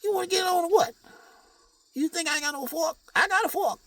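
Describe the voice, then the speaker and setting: A man voicing a grudge-holding old gang member in his seventies, ranting and making high-pitched threats. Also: brisk, sharp tone, distant mic, exaggerated voice. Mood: belligerent.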